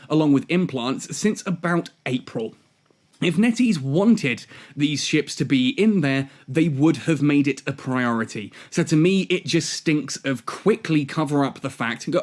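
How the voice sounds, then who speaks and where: A man hosting a gaming channel, delivering exasperated, sarcastic video game commentary as a rant. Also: a little high.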